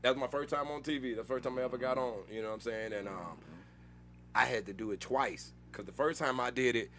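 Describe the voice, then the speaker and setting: Guy comedian telling road stories, slangy, loud bursts, bright tense voice. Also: medium pitch, fast, slight background noise. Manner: animated storyteller, slangy, bursts into loud laughing retellings. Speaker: comedian guest. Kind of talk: casual storytelling interview.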